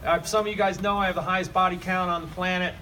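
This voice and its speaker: Recorded from a distant mic amid noisy ambience, a man with a high-pitched, level voice speaks quickly in a pushed, bright tone. He delivers a rambling but heartfelt eulogy to a crowd at a memorial gathering, talking bluntly and casually.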